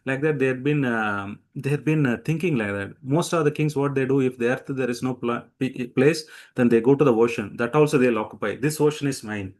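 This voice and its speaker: Animated male scripture teacher, hesitant. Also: mid-range voice, brisk, few pauses. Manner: animated storytelling, frequent fillers and restarts, acts out quotes. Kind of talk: devotional scripture talk with slides.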